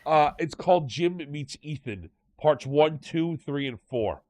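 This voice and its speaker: A man's voice: a little high, animated, measured pace, dark tone. A man hosting a casual podcast chat, rambling and correcting himself as he recounts details. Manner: rambling, self-correcting storyteller. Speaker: podcast host.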